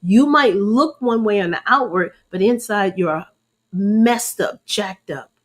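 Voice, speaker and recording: A woman's voice: mid-range voice, slow. A middle-aged woman, sharing a faith-based personal testimony in an earnest, preacherly way and calling her listeners y'all. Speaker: host.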